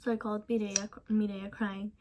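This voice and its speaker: A young woman in a casual storytime vlog, recounting events softly with many ums and restarts. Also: mid-range voice, little pitch movement, moderate pace, very noisy. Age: young adult. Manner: casual, soft-spoken storytelling with many fillers. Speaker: vlogger.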